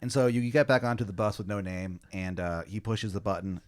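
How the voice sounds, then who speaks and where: A man's voice: fairly low pitch, fairly quick. A man hosting a comedy podcast, casually narrating an improvised scenario in second person with lots of fillers and swearing.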